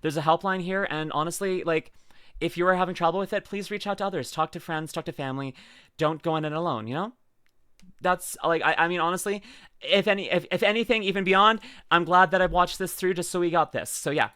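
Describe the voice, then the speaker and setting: Bright, rambling streamer on a dry mic. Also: mid-range voice, fairly quick, smooth, no room sound. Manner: rambling, excitable, lots of "like" and laughter. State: tearing up. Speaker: streamer reacting to a video. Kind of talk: casual reaction commentary.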